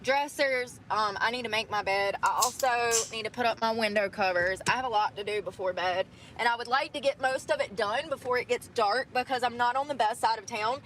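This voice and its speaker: Woman vlogging, swears a lot, kinda high voice, faint noise behind her. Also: a little fast, few pauses, fairly bright tone. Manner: blunt and profane, venting. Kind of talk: casual vlog chat.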